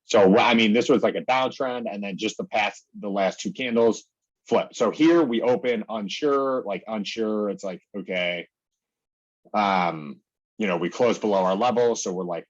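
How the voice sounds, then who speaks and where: Young guy talking thru stock charts, deep husky voice, lots of "like", dull lo-fi mic w/ keyboard clicks. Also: normal speed. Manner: chatty, heavy use of "like" and "okay", acts out his own reactions. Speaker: day trading educator. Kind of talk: casual screen-share chart walkthrough.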